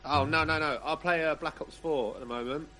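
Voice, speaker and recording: A man's voice: fairly high pitch, fairly quick, crowd noise. A man in a casual voice chat, laid-back and joking.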